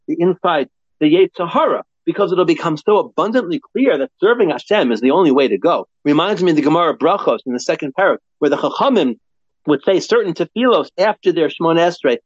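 A man with a high, lively voice gives a Torah lecture, bouncing through questions and answers. The recording is dry and a bit dull, with little room sound. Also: dry recording. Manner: animated, acts out quoted voices, asks and answers himself. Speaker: Torah teacher.

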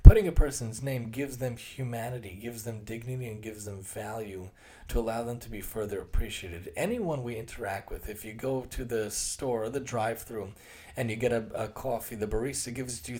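A man's voice: mid-range voice, a little fast, warm tone. Earnest man giving a talk. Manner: earnest, repeats and rephrases points; acts out quoted voices with shifts in tone. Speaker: occupational therapist and podcast host. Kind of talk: casual solo talk.

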